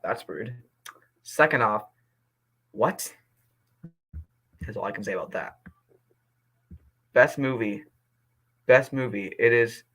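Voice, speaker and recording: An excitable young man ranting casually. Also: mid-range voice, rough recording. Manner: passionate, quickly indignant, then apologetic. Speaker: vlogger reading movie reviews. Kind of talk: casual reaction vlog.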